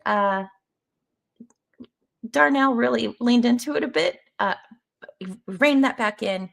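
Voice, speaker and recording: Brief: woman streamer, mid-pitched, gravelly fry, loose rambling chat, desk mic. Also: animated, a little slow. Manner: chatty, rambling, frequent fillers, greets viewers. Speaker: streamer hosting an AI text adventure. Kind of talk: casual live-stream chat.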